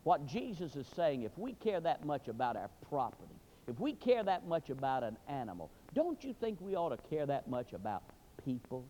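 A male pastor preaches in an animated, folksy storytelling manner, breaking into sudden loud bursts. His pitch swings widely and sits somewhat high. The sound is dull and muffled, with a long reverb from a church hall. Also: moderate pace, a little hiss or hum. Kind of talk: sermon with storytelling.

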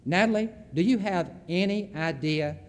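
Southern guy putting on a patient young mom, soft and measured, higher pitched, echoey hall. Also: a little hiss or hum, lightly acted. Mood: calm, coaxing. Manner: gentle, measured, coaxing. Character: calm patient young mother, counselor-like.

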